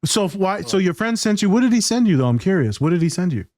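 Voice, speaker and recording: High, lively joking male podcast host. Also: no room sound, clean studio sound. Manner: joking and teasing, quick laughs. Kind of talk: casual podcast chat.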